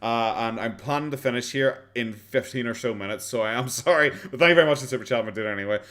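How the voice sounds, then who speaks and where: Talking quickly in a medium-pitched voice, an Irish streamer reacts to videos and chats casually. He keeps his voice down, never loud, while rambling, swearing and laughing frequently.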